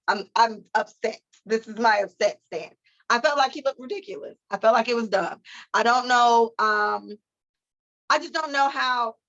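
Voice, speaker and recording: A woman co-hosting a podcast, chatting casually with profane, animated storytelling. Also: on the high side, muffled recording. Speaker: podcast co-host. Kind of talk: casual chat.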